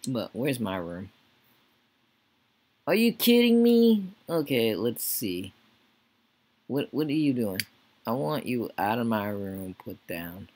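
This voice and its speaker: With a low, slightly mellow voice, a man takes his time narrating a Let's Play. He mumbles to himself and chats with the on-screen characters as he plays. The audio is slightly rough.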